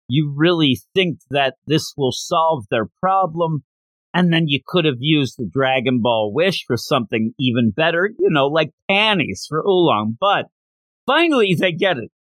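A man talks through a manga chapter in a casual podcast recap. His pitch swings widely as he gets animated and drops briefly into character voices. The recording is dry, close and free of room sound. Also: dry recording. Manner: animated retelling, jumping into quick character voices. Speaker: podcast host.

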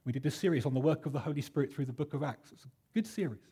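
A man preaches to his church, his voice husky and a little breathy. He sits somewhat high for a man and tells stories with lively energy. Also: racing. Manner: animated storytelling, acting out voices in quotes. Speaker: pastor. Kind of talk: sermon.

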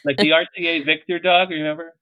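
A middle-aged man, a publicist, telling lively anecdotes in an interview and acting out the lines he quotes. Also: a little high, quick pace, no echo. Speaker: publicist guest. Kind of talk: storytelling interview. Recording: tinny phone-like line, dry.

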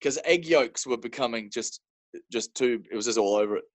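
A man's voice: medium pitch, brisk, no echo. A middle-aged man with an Australian accent, a stand-up comedian rambling through stories with frequent giggles in casual chat on a call.

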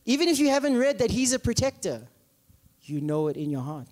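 A male pastor preaches in an animated, conversational way, often checking in with his listeners. His voice sits high and swings widely in pitch. It carries a long reverb, as if in a large hall. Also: fairly quick. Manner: animated, asks congregation often, many fillers. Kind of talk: conversational sermon with stories.

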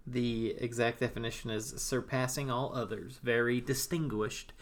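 Man, podcast co-host, casual rambling chat, filler-heavy, medium pitch. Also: steady tone, normal speed. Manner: rambling, chatty, with many fillers.

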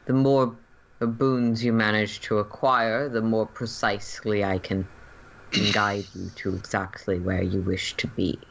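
A game master putting on an ancient fae spirit who guards the gates between worlds. It speaks with grave formality and great slowness, a low voice. The recording is muffled and lo-fi. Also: male voice, little pitch movement, gravelly, a bit bright. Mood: solemn. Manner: slow, grave, formal pronouncements.

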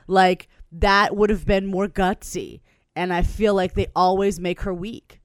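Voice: medium pitch, steady tone, a little slow, clear, resonant tone, dry recording, studio quality. A podcast co-host chatting casually, blunt and opinionated, with frequent swearing. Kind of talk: casual chat about a TV show.

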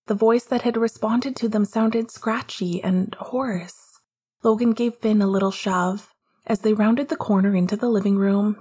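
A woman narrating a novel in a soft, quiet reading voice. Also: mid-range voice, slightly rough. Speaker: audiobook narrator. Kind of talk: scripted narration.

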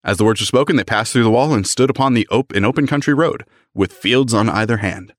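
A young man on a casual book podcast, reading passages aloud with lively voices and joking about them. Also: medium pitch, fast talker, dry recording, clean studio sound.

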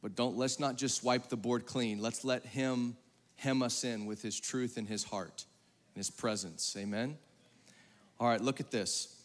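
A man preaching a sermon to a live congregation, talking conversationally and calling on the audience, moving between loud emphatic bursts and hushed, low passages. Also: fairly even intonation, a little slow. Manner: conversational, calls on the audience to raise hands. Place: large hall with a congregation. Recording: long hall reverb.

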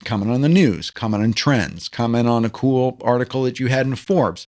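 A man with a mid-range voice talks straight into the mic, hosting his own branding podcast. He keeps it conversational and animated, throwing rhetorical questions at his listeners. He is recording on his own, in a home studio. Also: medium pitch, normal speed. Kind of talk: solo podcast monologue.

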